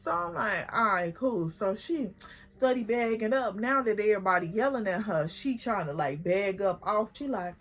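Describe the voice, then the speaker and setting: A young woman telling a story on her vlog, animated and acting out what everyone said. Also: medium pitch, normal speed. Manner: animated storytelling, acts out quoted lines. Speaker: vlogger.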